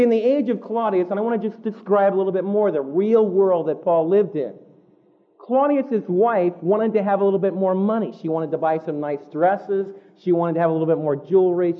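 High-voiced preacher on a tinny line. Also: male voice. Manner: vivid storytelling, shifts between slow emphasis and quick asides. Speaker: pastor. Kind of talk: sermon. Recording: tinny phone-like sound.

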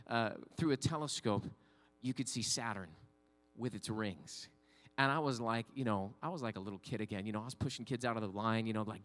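A man's voice: mid-range voice, a bit bright, big-room sound. A male pastor preaching a sermon, building to fervent calls and leading the congregation in call-and-response.

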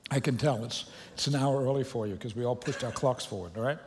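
A fast-talking pastor with a mid-range voice keeps his sermon conversational and full of jokes, with loose restarts. The church sanctuary gives a big-room sound, plus slight background noise.

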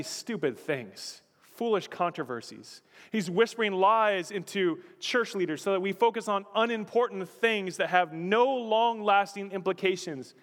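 A man's voice: fairly high pitch, fairly bright tone, in a large hall. A male pastor preaching a sermon in an emphatic, repetitive style. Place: church.

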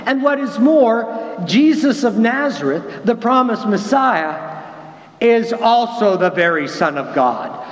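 A man preaching a sermon, acting out the quoted lines with lively swings in his voice. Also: slow. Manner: animated, acts out quoted lines with big pitch jumps. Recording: echoey hall.

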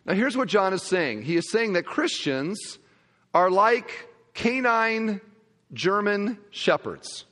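A male pastor preaching a sermon, telling a humorous story in a conversational, animated way. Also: high voice, slow pace. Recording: long hall reverb.

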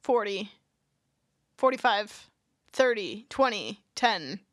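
Lively, giggly woman podcaster. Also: mid-range voice, takes it slowly, no room sound, studio quality. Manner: playful and giggly, teasing. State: shivering with cold. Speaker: podcast co-host. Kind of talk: casual chat.

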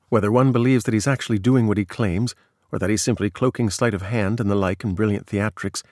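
A man's voice: mid-range voice, darkish tone, no room sound, clean studio sound. Man narrating a magazine article.

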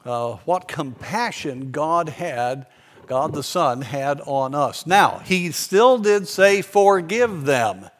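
A man delivers a sermon in a somewhat high voice. He tells his story earnestly and slows down to stress key points. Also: lively intonation, a little hiss or hum. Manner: earnest storytelling preaching, slowing for emphasis. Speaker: preacher.

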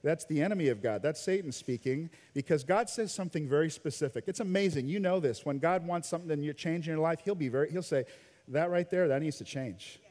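A Midwestern American man delivers a sermon in a church auditorium, his voice sitting a little high for a man. He tells family stories with animated quotes and frequent laughs. A long hall reverb trails behind every phrase. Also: fast, hardly any pauses. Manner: animated storytelling, acting out quoted lines, laughs often. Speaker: pastor.

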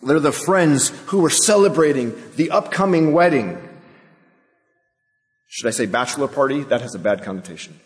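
A man's voice: medium pitch, lively intonation, moderate pace. A male pastor preaching a sermon, emphatic and full of rhetorical questions. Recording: long hall reverb.

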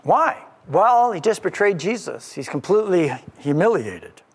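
Animated, high-voiced male preacher. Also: unhurried, husky, in a large hall. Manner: animated, emphatic repetition. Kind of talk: expository sermon.

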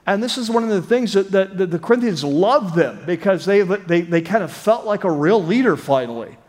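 Male pastor, high voice, chatty teaching sermon, long hall reverb. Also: lively intonation, moderate pace, a little mellow. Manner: conversational, with frequent fillers and restarts. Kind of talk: expository sermon.

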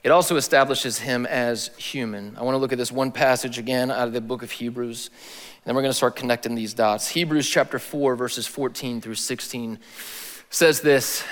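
A man giving a sermon as a pastor, in a casual, slangy style with animated emphasis. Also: mid-range voice, normal speed, big-room sound.

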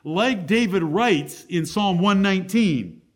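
A male pastor preaching a sermon in church, reading scripture aloud slowly and with emphasis. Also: high voice, expressive.

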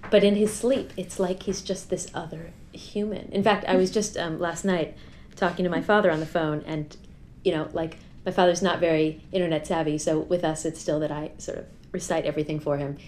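Woman, American accent, fairly low voice, chatty storytelling, faint hiss. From United States. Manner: animated, measured anecdotal telling. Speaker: blogger, podcast guest. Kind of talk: casual chat, storytelling.

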